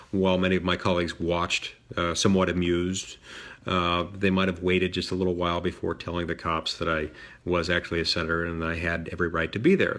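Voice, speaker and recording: A man with a fairly low voice tells a story about his work as a senator. His humor is dry and self-deprecating, and his talk is full of "uh"s and restarts. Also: sharp tone.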